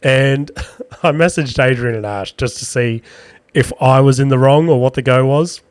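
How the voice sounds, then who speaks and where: A man, hosting a podcast and telling a crude, self-deprecating story in a casual, animated way. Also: medium pitch, moderate pace, clean tone, no echo, studio quality. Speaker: podcast host.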